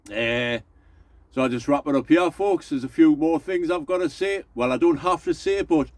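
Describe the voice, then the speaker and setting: Middle-aged man, rambling folksy chat, slightly high voice, dry close sound. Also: darkish tone, no room sound. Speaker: allotment vlogger. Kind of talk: casual chatty vlog.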